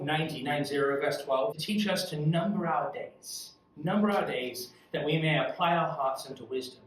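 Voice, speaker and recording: Male youth Bible study leader, higher-pitched, earnest and conversational; recorded from a distance in a very reverberant room. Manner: earnest, conversational, asks the group questions. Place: church room. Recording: echoey room from far off.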